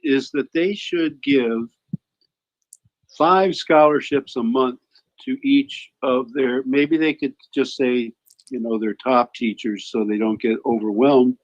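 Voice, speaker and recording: A man's voice: medium pitch, fairly even intonation, takes it slowly, dull audio. A man who is a guest teacher, chatting casually in long run-on suggestions that he restarts as he goes. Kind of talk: casual chat.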